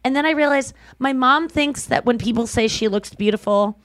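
A woman's voice: high-pitched, moderate pace, fairly bright tone, dry recording, clean studio sound. A young woman co-hosting a podcast, telling stories in a chatty, gushing way full of "like" fillers. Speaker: podcast co-host. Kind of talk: casual podcast chat.

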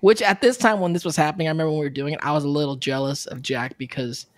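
A man co-hosting a podcast, a poet who tells stories in playful, animated casual chat. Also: a little high, very fast, no echo.

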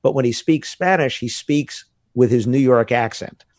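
An American man talking casually in an interview, telling animated stories about learning a language. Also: medium pitch, moderate pace, no room sound. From United States. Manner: animated storytelling with laughs. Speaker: guest. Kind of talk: casual conversation.

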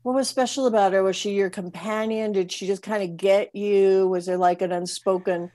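A woman's voice: medium pitch, steady tone, warm tone, no room sound, clean studio sound. Woman interviewer asking follow-ups. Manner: encouraging, asks quick follow-up questions. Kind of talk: casual interview.

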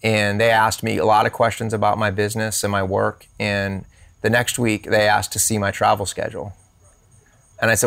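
A man with a somewhat low voice tells a personal story as an interview guest. He talks animatedly and keeps slipping into quoted dialogue, giving each speaker in the story a different tone. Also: flat delivery, moderate pace, creaky, fairly bright tone. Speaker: podcast guest.

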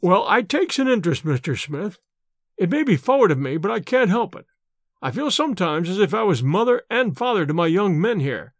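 A man doing a fretful wrinkled old manservant, high and anxious. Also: very animated, a little fast, dry recording, clean studio sound, exaggerated voice. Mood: anxious, confiding. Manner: rustic servant's grammar, anxious and deferential.

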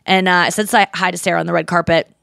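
A woman's voice: lowish voice, very fast, vocal fry, clear, resonant tone, dry recording, clean studio sound. Chatty woman telling a story. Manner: animated, mimics people in quoted voices. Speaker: podcast host. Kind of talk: casual storytelling chat.

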